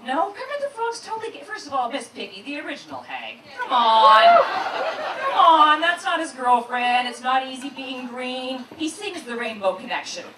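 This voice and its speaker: Brash, high-voiced female stand-up comic. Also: sing-song, brisk, hardly any pauses, background noise. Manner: brash, self-mocking, punchy. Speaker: stand-up comedian. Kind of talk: stand-up comedy set. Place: comedy club stage. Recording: roomy live club, distant mic, loud crowd. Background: audience laughter.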